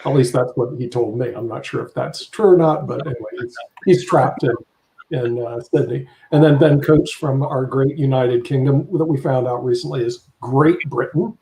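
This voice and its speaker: A man hosts a live online panel, cracking jokes and stumbling over repeated words. His voice sounds mellow and dark. The audio is roomy and echoey, with a faint hiss behind it. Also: medium pitch, normal speed. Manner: jokey, rambling, repeats words. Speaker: show host. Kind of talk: joking live panel introductions.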